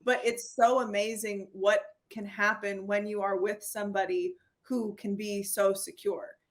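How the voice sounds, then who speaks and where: A woman, a therapist guest in an interview, telling personal stories in a lively way, acting out dialogue and laughing often. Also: medium pitch, measured pace. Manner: animated storyteller who acts out quoted dialogue and laughs often. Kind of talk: conversational interview.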